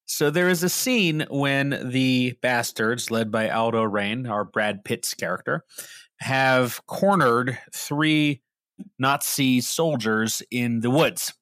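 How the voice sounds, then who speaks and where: A man's voice: medium pitch, slow, dry recording. Guy on a podcast telling a movie scene, dry close mic. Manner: animated storytelling, retelling a film scene. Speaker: podcast guest. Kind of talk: casual podcast chat.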